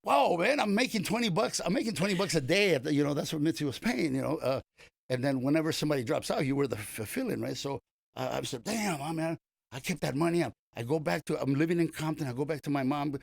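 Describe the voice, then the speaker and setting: An older man with a gravelly, raised voice tells stories from his past as a guest in a radio interview. He talks casually and rambles, doubling back with restarts and fillers. The sound is close and dry. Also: on the high side, fast, a little mellow, dry recording. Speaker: comedian guest.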